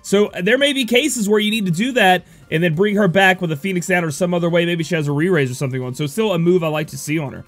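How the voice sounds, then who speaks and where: Young guy with a stuffy cold, kinda high voice, um-ing through a game review, light music behind. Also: fast, hardly any pauses, a bit bright. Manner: rambling, filler-heavy, reads out ability text. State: sniffly from a cold. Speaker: gaming YouTuber.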